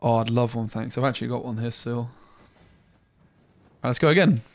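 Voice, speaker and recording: A man's voice: mid-range voice, brisk, no echo. A man streaming a card game, chatting casually and muttering asides with mild slang. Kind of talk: casual gameplay commentary.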